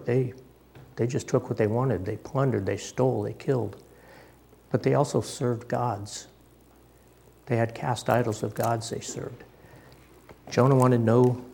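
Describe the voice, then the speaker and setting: A man's voice: medium pitch, gravelly, warm tone. A man preaching a sermon, reading scripture aloud and talking conversationally, repeating phrases for emphasis.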